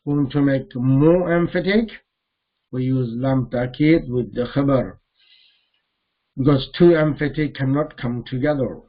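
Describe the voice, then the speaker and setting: A man teaching Arabic grammar in a classroom lesson, explaining slowly and repeating the words he recites. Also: medium pitch, highs cut off.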